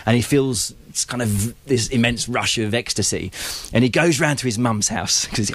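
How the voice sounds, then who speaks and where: A man, an author telling stories at a bookshop event, animated and laughing often, with many restarts. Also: medium pitch, normal speed, no room sound.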